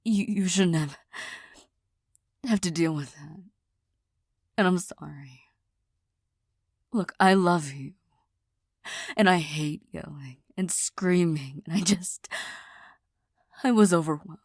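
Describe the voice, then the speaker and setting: A woman in a soft, halting, apologetic whispered role-play as a girlfriend, recorded on a close mic. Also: fairly low pitch, no room sound.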